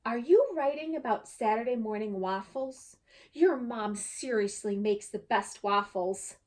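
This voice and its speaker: A woman's voice: a little high, unhurried, a little mellow, close to an everyday voice. A woman voicing a casual, matter-of-fact boy classmate in a storybook reading. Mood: friendly.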